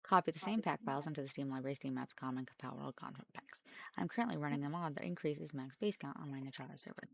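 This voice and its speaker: Woman, streamer, reading forum posts aloud, gravelly low voice, dry close sound. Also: a bit bright, dry recording. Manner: halting, mumbling at times.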